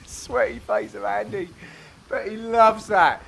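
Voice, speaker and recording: A man giving jokey voice-over commentary on his own amateur match, teasing his friends with sudden loud exclamations. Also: sits high, slow, creaky, faint music behind. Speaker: player and commentator.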